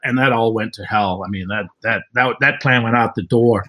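A man in his sixties, a retired kicker hosting the conversation, asking teasing, animated questions. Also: lowish voice, moderate pace. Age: 60s. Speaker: host, retired football kicker. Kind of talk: casual conversational interview.

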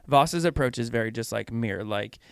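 A man's voice: medium pitch, fairly quick, creaky, smooth, no room sound, studio quality. A man from Pennsylvania co-hosting a podcast, chatting casually about a book in a rambling way full of "like" fillers. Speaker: podcast co-host.

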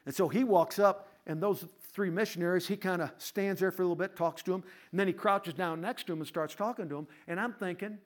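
A man with a fairly high voice tells a story from the pulpit. His delivery is conversational, with asides to the congregation. He swings from hushed to loud and animated. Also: a little fast, hardly any pauses. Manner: animated storyteller, rising to laughing shouts. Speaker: preacher. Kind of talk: sermon testimony.

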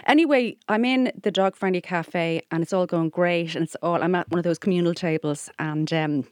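A woman's voice: fairly low pitch, moderate pace, dry recording, studio quality. An Irish woman co-hosting a comedy podcast, telling a rambling story full of asides in a casual chat. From Ireland.

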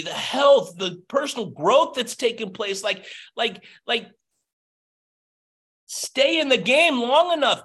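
Speaking in a high-pitched voice over a video call, a man coaching business clients delivers an intense pep talk, his motivation pushing him close to yelling.

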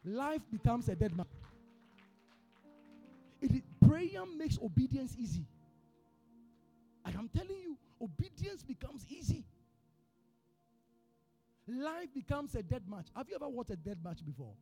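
With faint music in the church behind him, a pastor speaking Ghanaian English takes an unhurried pace, pausing often, his high voice slightly rough. He tells his sermon story with great expression, his pitch climbing and falling, dropping nearly to a hush and then bursting out loud.

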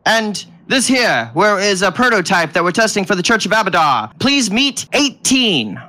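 A man's voice: high voice, very animated, normal speed, sharp tone, voice pushed up, heavily acted. A man voicing a tiny, friendly bald man who talks in a folksy, rambling way. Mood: chatty. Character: tiny bald male desert traveler, chatty and friendly.

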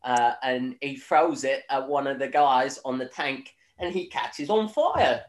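Recapping a film for his podcast, a young Northern Irish man chats loosely, rambling, swearing, laughing and filling gaps with fillers. He speaks in an expressive, unhurried mid-range voice, and the room is echoey.

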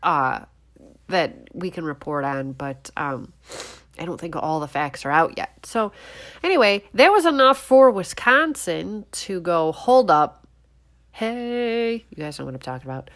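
A woman giving political commentary straight to her viewers, animated and sarcastic. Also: low-pitched, normal speed. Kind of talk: direct-to-audience commentary.

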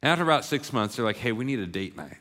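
A man's voice: medium pitch, big pitch swings, fast, bright, forceful tone. A man preaching a sermon, telling a story and acting out the voices of its characters. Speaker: pastor. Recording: long reverb of a large hall.

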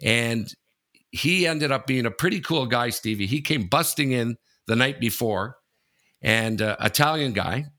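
A man's voice: mid-range voice, animated, unhurried, sharp tone. A man hosting a casual podcast, telling a frank personal story, swearing freely and turning to his co-host as he talks.

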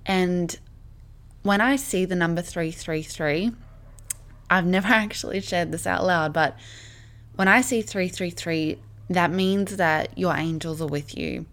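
A woman's voice: on the low side, a little slow. Gushing young woman podcast host. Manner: warm, gushing and heartfelt, with many "like" and "literally" fillers. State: emotional, near tears at times. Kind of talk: casual solo podcast chat.

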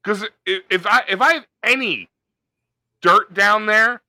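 Bright, sharp-toned man ranting. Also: sits high, unhurried. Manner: profane, animated ranting with comic voices. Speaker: podcast co-host. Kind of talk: casual chat.

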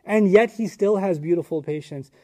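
A man with a slightly high voice delivers a Quran commentary lecture with deep earnestness. He leans into his points, sometimes dropping almost to a hush and sometimes pushing with real force. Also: normal speed. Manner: earnest, emphatic, swings from hushed to forceful. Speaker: Islamic teacher.

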